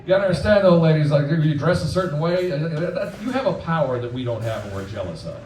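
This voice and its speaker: Crude and punchy, a forties-aged male comic does stand-up for a live club audience, tossing off quick impressions. His voice runs on the high side, animated and a little mellow, with slight background noise. The sound is distant and roomy, with the crowd laughing.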